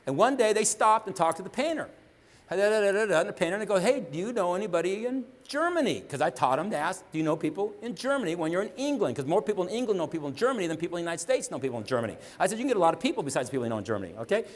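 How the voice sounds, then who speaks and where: A man with a high-pitched voice speaks quickly as he tells a seminar story. He acts out both sides of the conversations and keeps checking in with his listeners. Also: big pitch swings. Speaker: motivational speaker. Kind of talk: motivational seminar talk.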